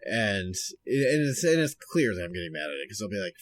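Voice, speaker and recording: A man's voice: fairly low pitch, big pitch swings, brisk, crowd noise. A man co-hosting a podcast, telling an anecdote in a rambling way, full of "like" and restarts. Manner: rambling, hesitant, with many "like"s and restarts. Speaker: podcast co-host. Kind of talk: casual chat.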